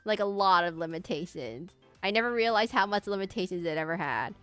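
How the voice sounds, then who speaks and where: A woman's voice: lowish voice, animated, a little fast, fairly bright tone, clean tone, dry recording, faint music behind. A woman streamer chatting casually with her viewers while she draws, rambling and amused at herself. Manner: rambling, self-amused, talks to chat. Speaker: streamer drawing requests live. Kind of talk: casual live-stream chat while drawing.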